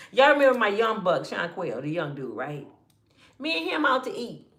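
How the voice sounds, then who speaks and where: Woman telling a story in lively casual talk. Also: mid-range voice. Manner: animated, acts out quotes with hushed and raised voices; colloquial, addresses listeners as y'all. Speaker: storyteller speaking to her audience.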